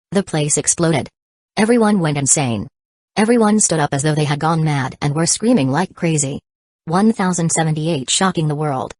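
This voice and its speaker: A woman narrating an audiobook in a steady, even reading style. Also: deep voice, moderate pace, no room sound. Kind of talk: scripted narration.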